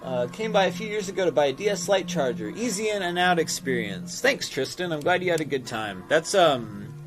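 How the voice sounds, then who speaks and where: A man's voice: on the high side, lively intonation, fairly quick, over music. A man who owns a shop, chatting casually on a livestream and reading viewer comments, rambling with lots of fillers and swearing freely. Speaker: game and toy shop owner streaming live.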